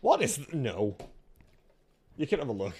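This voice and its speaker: A man's voice: sits high, pushed and bright, slight background noise. A man co-hosting a casual chat, teasing his friend and laughing often. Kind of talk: casual chat guessing game.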